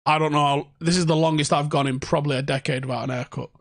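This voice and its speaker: A man's voice: a little high, fairly even intonation, fast, dry recording, clean studio sound. A young man hosting a casual fan livestream from home, ranting and swearing sarcastically. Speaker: fan channel host.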